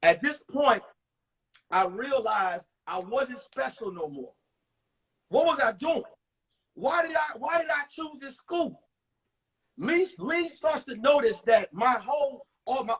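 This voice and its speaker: High-voiced, husky comedian telling stories. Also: male voice, a little slow, distant mic, low-quality recording. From New York. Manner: animated, acts out every character. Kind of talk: comic storytelling in a one-man show.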